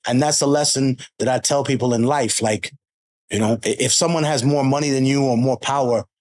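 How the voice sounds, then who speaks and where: A man's voice: mid-range voice, fairly even intonation, brisk, darkish tone. A man as a podcast guest, telling stories in a blunt, profane and emphatic way. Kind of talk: casual interview talk, storytelling.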